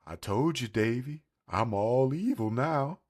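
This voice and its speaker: A man's voice: mid-range voice, expressive, a little slow, darkish tone, voice pushed up. A man voicing an undead pet dog that has turned evil and gloats about it, in a growly put-on voice. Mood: gloating evil.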